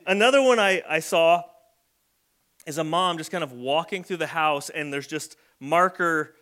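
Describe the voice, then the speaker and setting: A man's voice: on the high side, moderate pace, fairly bright tone. A man preaching a conversational sermon as a pastor, telling everyday stories. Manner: conversational storytelling with acted kid voices.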